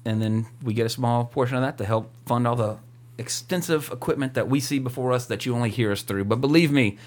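A man with a mid-range, slightly mellow voice speaks briskly while co-hosting a podcast. It's a casual chat, and he rambles with many filler words.

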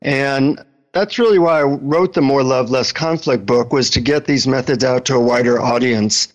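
A man who is a relationship author, talking as an interview guest and telling a story in a friendly, animated way. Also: mid-range voice, normal speed, dull audio.

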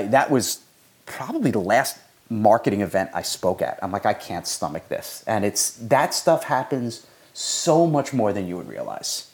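A man's voice: fairly low pitch, darkish tone, slightly rough. A man talking casually as a podcast guest, rambling with many restarts and stammers. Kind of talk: casual conversation.

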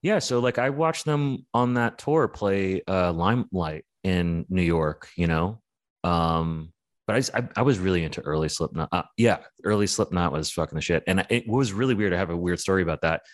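A man's voice: sits low, normal speed. A man in casual, rambling, profane chat about the metal scene, full of fillers.

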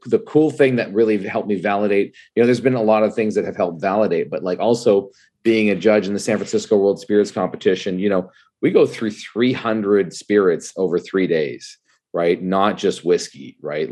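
A man in casual podcast chat, animated and laughing often, who calls people "dude". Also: on the low side. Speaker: whiskey content creator and spirits judge.

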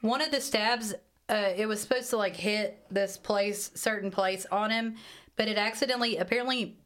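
A woman's voice: mid-range voice, moderate pace, a bit bright. A woman co-hosting a podcast, chatting casually and chiming in with film trivia and corrections. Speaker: podcast co-host. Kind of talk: casual chat about a film.

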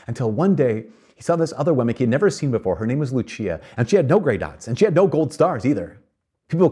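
A man's voice: on the low side, warm tone, husky. A man preaching a conversational sermon, telling a children's story to make his point. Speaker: priest.

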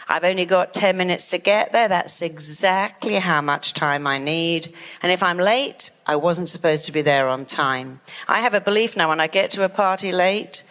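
Lively woman giving a motivational talk. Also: lowish voice. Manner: animated, acts out anxious inner voices. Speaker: author and speaker.

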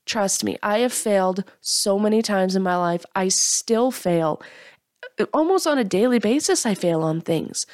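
A woman's voice: mid-range voice, expressive, unhurried, darkish tone, dry recording, clean studio sound. Earnest woman giving a motivational talk. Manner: earnest, encouraging, self-deprecating.

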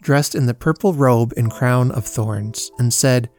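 A man reads a children's Bible story in a steady, solemn storyteller's voice of middle pitch. His pacing is measured and careful. Soft guitar plays faintly underneath. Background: faint guitar music.

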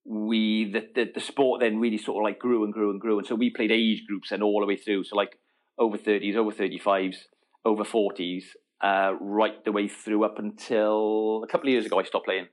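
A man's voice: lowish voice, fairly quick. Guy in his middle years telling a story, keeps laughing, trips over his own words. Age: middle-aged. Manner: animated, laughing, restarts mid-sentence. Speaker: guest. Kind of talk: casual storytelling.

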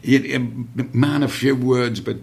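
Older man with a gravelly voice, rambling. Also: mid-range voice, steady tone, a little slow, a little mellow. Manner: rambling, full of fillers and restarts. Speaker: guest. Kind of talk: anecdotal storytelling.

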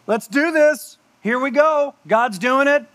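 A man's voice: very high voice, takes it slowly, a bit bright, voice pushed up, exaggerated voice. A man voicing Moses as an eager leader who talks like a buddy, casual and slangy. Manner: casual slangy pep talk.

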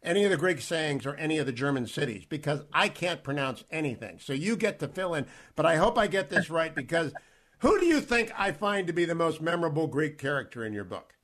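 A man's voice: a little high, big pitch swings, a little fast, fairly bright tone. A man hosting an interview, playful and joking as he steers the talk. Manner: playful, jokes about his own pronunciation. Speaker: interview host. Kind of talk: casual interview.

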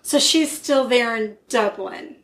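A woman's voice: on the high side, slow pace, roomy sound, low-quality recording. A woman co-hosting a casual true-crime chat, adding dry quips. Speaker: podcast co-host.

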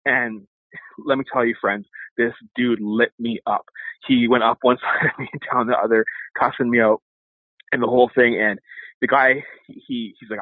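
A man, an evangelist guest, telling a lively testimony story and acting out the voices of the people in it. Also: mid-range voice, normal speed, no echo. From Canada. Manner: animated storyteller, acts out voices. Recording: tinny phone-like line.

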